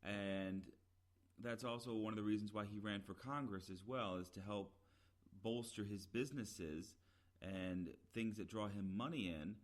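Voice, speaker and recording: A man with a lowish, unhurried voice delivers a rambling, opinionated solo podcast commentary. He fills it with "uh"s and restarts, repeating points emphatically and with exasperation.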